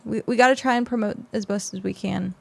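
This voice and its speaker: A woman's voice: medium pitch, quick pace, creaky. A young adult woman streamer chatting casually with her viewers on a close mic, rambling with lots of fillers. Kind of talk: casual livestream chat with viewers.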